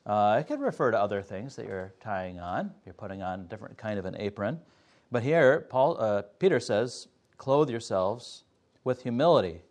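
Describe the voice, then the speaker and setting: A man teaching a Sunday school Bible class, explaining step by step in an earnest way with frequent pauses. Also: on the low side, lively intonation, a little mellow.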